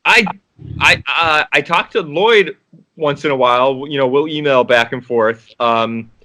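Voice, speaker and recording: A man's voice: medium pitch, measured pace, bright, forceful tone. A man, an actor guest, chatting casually in an interview, rambling with restarts and frequent laughs.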